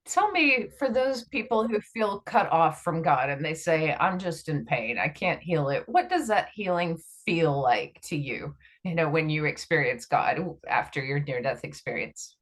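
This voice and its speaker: A woman's voice: sits low, animated, unhurried, hardly any pauses. A woman hosting a spiritual podcast, chatty and often laughing as she talks. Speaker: podcast host. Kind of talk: casual spiritual chat.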